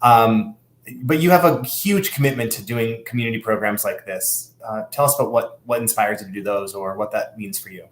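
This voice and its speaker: A man's voice: on the low side, brisk. A man hosts the conversation, asking questions and giving brief encouraging replies. He sounds like he is in an echoey room on a video call. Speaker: interviewer, programming director. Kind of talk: casual interview.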